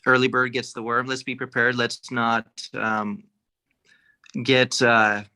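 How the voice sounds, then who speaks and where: A man in a casual business chat, explaining deals in a measured way. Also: medium pitch, little pitch movement, bright, forceful tone, smooth, low-quality recording.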